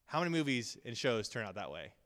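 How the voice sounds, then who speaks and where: A man's voice: medium pitch, sing-song, fast talker, fairly bright tone. A man in his thirties teaching at a Bible school in a casual, earnest sermon style, with frequent ums and restarts. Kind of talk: conversational sermon. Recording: long reverb of a hall.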